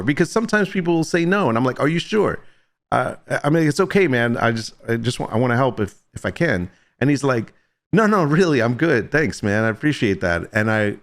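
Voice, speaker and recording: A man's voice: medium pitch, fairly bright tone. A middle-aged man streaming, telling a story to his chat in a rambling way, full of restarts and "I'm like". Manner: rambling, self-interrupting, lots of "I'm like".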